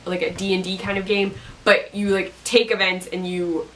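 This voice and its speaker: A woman's voice: medium pitch, flat delivery, moderate pace, a bit bright, far from the mic, rough recording. A young woman vlogger in casual chat about a podcast she likes, rambling with lots of fillers and self-corrections.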